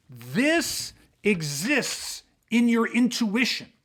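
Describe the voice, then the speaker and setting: A high-pitched man hosts a podcast with forceful emphasis. He swears freely and acts out tense street exchanges as he explains. His delivery builds from quiet and low into loud, raised bursts. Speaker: host. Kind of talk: intense podcast talk.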